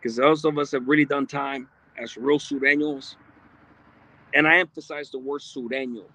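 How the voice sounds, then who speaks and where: Hosting a livestream, a man reads viewer comments aloud in a medium-pitched voice with fairly even intonation and a bright, forceful tone at a moderate pace. His style is blunt, streetwise, and casual, with frequent swearing.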